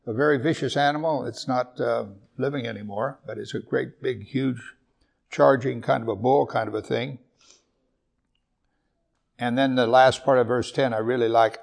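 A man's voice: medium pitch, creaky. A man preaching a conversational Bible sermon, often asking his listeners rhetorical tag questions.

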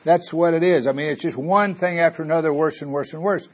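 A man teaching a Bible study sermon, reading scripture slowly and emphatically, then explaining it in a folksy, conversational way with jokes and asides. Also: fairly high pitch, fairly even intonation, breathy edge. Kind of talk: expository sermon.

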